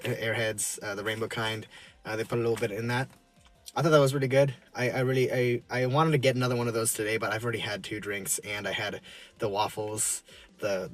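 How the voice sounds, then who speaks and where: Rambling low-voiced man in his car. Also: fairly bright tone. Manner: halting, many fillers and restarts, chuckles often. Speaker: vlogger reviewing drinks. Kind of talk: casual rambling review.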